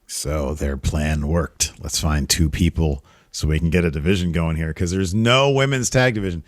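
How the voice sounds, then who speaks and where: A man co-hosting a casual wrestling recap show, jumping into lively voices when he quotes wrestlers. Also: very deep voice, moderate pace, dry recording, clean studio sound. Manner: animated when quoting, voice jumps up for quotes. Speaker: podcast co-host.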